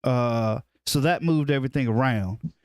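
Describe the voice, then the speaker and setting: A man co-hosting a podcast in casual sports chat, animated and joking with plenty of slang. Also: mid-range voice, moderate pace, no room sound, studio quality. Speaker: podcast co-host.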